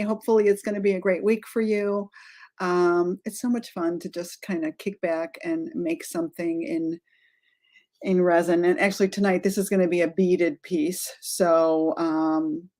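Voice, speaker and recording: A middle-aged woman hosts a live craft tutorial in a friendly, rambling way. She greets her viewers by name, drifts onto side topics and corrects herself as she goes. Her voice sits at an ordinary mid pitch. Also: a little mellow. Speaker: art tutorial host.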